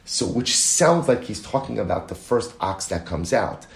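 A man with a low voice leads a Talmud study lesson, explaining each step and reading Aramaic and Hebrew passages aloud. He often restarts his sentences as he works through the argument. The room sounds echoey. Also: expressive, moderate pace. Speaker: Talmud teacher.

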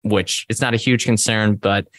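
A man co-hosting a casual podcast, talking in a measured, conversational way with frequent fillers. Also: lowish voice, steady tone, fairly bright tone, no room sound, clean studio sound. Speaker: podcast co-host. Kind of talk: casual investing discussion.

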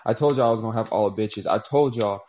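A man's voice: lowish voice, a little mellow. Reflective man musing, lo-fi sound. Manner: reflective, profane, drawn-out storytelling with voiced asides. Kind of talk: casual monologue.

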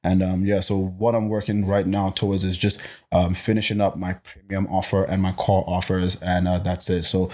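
A man who grew up in Botswana, talking as an interview guest about coaching, passionate and energetic with many restarts. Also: low voice, normal speed. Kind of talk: casual interview talk.

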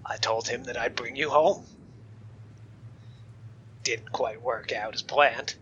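A man voicing a cold, mocking undead mercenary villain in a low, menacing voice that sometimes drops to a whisper. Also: fairly even intonation, slow pace, pushed and bright, dull audio, a little hiss or hum.

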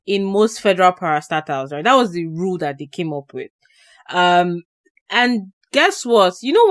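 A woman's voice: fairly low pitch, no room sound, studio quality. Chatty young woman co-hosting a podcast. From Canada, living in Ontario. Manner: chatty, explains at length with many fillers. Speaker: podcast co-host. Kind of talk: casual podcast chat.

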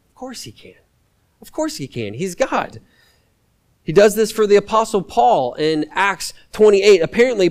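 A man preaching a sermon as a guest preacher, talking in a conversational, animated way and repeating lines for emphasis. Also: fairly high pitch.

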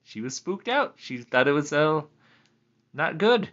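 A man chatting casually in a rambling monologue, laughing often and swinging his pitch up for jokes. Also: sing-song, unhurried, fairly bright tone, dull audio. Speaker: vlogger. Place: at home.

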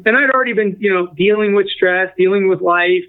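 A man in his forties with a fairly high voice tells his own story as an interview guest. He slips into the voices of the people he quotes. The sound is narrow and tinny, like a remote phone line. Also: a little fast, clean tone. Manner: acts out quoted dialogue with a lively shift in tone. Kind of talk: casual personal storytelling.

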